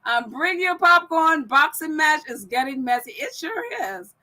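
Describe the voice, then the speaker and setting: Woman podcast host, high and bright, chatty ranting delivery with lots of laughs. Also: sing-song, a little slow. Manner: ranting, laughs often between phrases. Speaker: podcast host reading viewer comments. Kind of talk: casual opinion chat.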